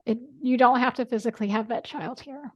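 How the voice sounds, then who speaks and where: Earnest higher-voiced woman guest. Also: a little mellow, dull audio. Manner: earnest, talks in quick bursts with frequent "like". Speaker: podcast guest. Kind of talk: casual interview chat.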